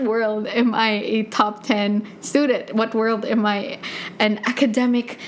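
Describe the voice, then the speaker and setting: A woman's voice: fairly high pitch, flat delivery, measured pace, a little hiss or hum. A young woman in her twenties with a Filipino accent, hosting a podcast and telling personal stories in a chatty, self-deprecating way with frequent laughs. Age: 20s. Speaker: podcast host. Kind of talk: casual personal storytelling. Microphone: USB desk mic.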